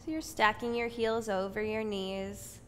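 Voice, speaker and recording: A woman leading a yoga class with calm, soothing, unhurried guided cues. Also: mid-range voice, slight background noise. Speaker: yoga instructor. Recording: long reverb from a spacious room.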